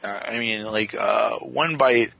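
A man's voice: on the low side, slow pace, gravelly, bright, forceful tone. A man in a casual chat, answering with dry, defensive comebacks.

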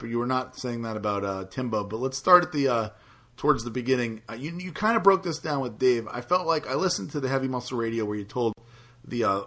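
A man's voice: mid-range voice, bright, forceful tone. A man hosting a casual podcast chat, teasing and prompting his co-host with questions.

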